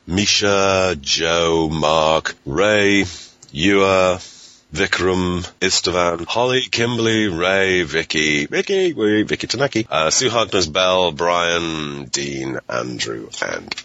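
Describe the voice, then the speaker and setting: A man's voice: low-pitched, slow pace, bright, forceful tone. A man hosting a podcast, chatting casually in a wry, blunt way and reading out listener comments. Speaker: podcast host. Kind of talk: casual podcast review chat. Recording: lo-fi podcast audio.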